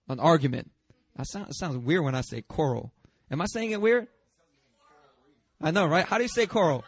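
A pastor preaching a sermon in a lively, conversational way, with self-deprecating humor and chatty asides. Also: male voice, on the high side, moderate pace, long pauses, breathy edge, dry recording.

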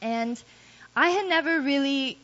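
A woman's voice: sits high, a little slow, a bit bright. A woman giving a personal testimony to a church group, telling her story candidly and poking fun at herself. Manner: candid, self-deprecating storytelling with laughs. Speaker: guest speaker giving testimony. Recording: dull lo-fi recording.

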